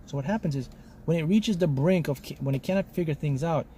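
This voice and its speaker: A man talking as a spiritual mentor, delivering a motivational talk in short, punchy lines. His voice is mellow and warm, and he keeps asking "okay?" as he lectures. A faint hiss of background noise sits under the recording. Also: a little high, fast. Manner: emphatic, repeats "okay?" to check in.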